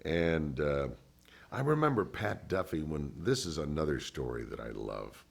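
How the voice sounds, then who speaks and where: A man's voice: rumbling low, measured pace, creaky, slightly rough. An older man, a former radio DJ, telling stories in an oral history interview and acting out the voices of people he quotes. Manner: animated storyteller who acts out others' voices.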